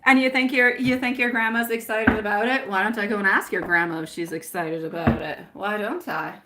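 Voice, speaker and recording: A woman's voice: medium pitch, brisk, background noise. A woman reading tarot on a live stream in casual chat, affectionate and laughing often, calling viewers my love and sweetie pie.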